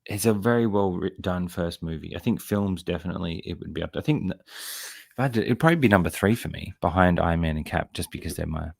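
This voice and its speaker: A man's voice: low voice, fast talker, gravelly, hardly any pauses, slightly rough, no room sound, clean studio sound. A man hosting a casual live film chat, chatty and joking, reading viewer comments aloud. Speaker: host. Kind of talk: casual chat about films.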